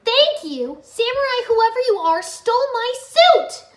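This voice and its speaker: A woman voicing a fiery young woman warrior who shouts in indignation, in a roomy echo. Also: very high voice, sing-song, unhurried, voice pushed up, heavily acted. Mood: indignant.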